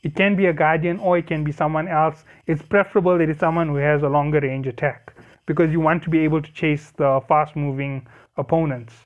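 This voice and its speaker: A man's voice: fairly high pitch, fairly even intonation, fairly quick, lo-fi sound. A man walking through a game ship build in a casual, explanatory way, often correcting himself and apologizing along the way. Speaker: game guide creator.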